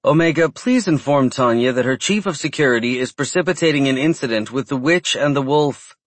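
A man voicing a small, sharp-tongued female vampire with a brisk, sarcastic manner. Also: mid-range voice, no room sound, pitched above the performer's own voice, close to an everyday voice.

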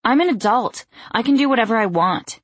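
A woman doing a defiant young daughter, higher and sharp. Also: expressive, brisk, breathy edge, dry recording. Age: young adult. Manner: indignant, raised and sharp.

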